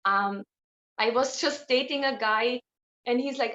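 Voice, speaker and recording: A woman's voice: a little high, a little slow, fairly bright tone. A woman speaking as an interview guest, blunt and outspoken in casual conversation. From Germany. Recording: dull lo-fi sound.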